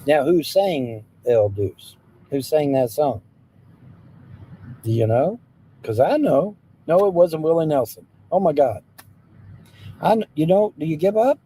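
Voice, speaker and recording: A man hosting a livestream talks unhurriedly to his viewers. His voice sits a little high and mellow, and it swings widely up and down. He jokes playfully and keeps slipping into snippets of song. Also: lively intonation, unhurried, pauses often, slight background noise, rough recording. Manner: joking, playful, drifts into sung snippets. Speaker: livestream host and singer. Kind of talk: casual chat with live viewers.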